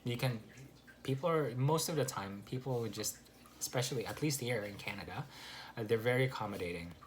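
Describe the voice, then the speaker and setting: A man giving a casual spoken English lesson, relaxed and full of fillers and restarts. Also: mid-range voice, a little fast, a little hiss or hum. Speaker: English teacher. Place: Canada.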